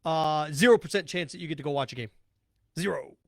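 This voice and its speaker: A man with a high voice hosts his own sports talk podcast. He rants bluntly and sarcastically, hammering his points over and over. The sound is dry and close, with no room echo. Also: quick pace, gravelly. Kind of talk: opinionated solo podcast rant.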